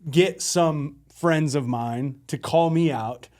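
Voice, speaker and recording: A man's voice: on the high side, slow, a little mellow. A man co-hosting a podcast in a casual conversation, candid and self-deprecating, with casual swearing. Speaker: podcast co-host.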